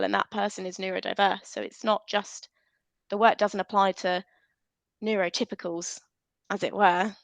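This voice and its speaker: A woman's voice: mid-range voice, gravelly, a bit bright, no echo. A woman panelist speaking earnestly in a conversational panel discussion.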